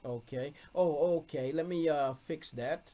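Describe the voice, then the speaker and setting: A man's voice: fairly high pitch, unhurried, warm tone. A man teaching from scripture to a streamed congregation, reading verses aloud and repeating his key points with emphasis. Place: room, streamed on video call.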